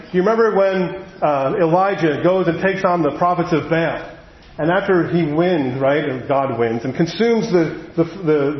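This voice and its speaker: A man gives a sermon in a loose, conversational style, breaking off for quick asides. His voice sits a little high for a man. The sound is muffled and lo-fi, with a roomy echo around it. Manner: conversational and animated, with asides and chuckles. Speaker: pastor. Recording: echoey room, dull lo-fi sound.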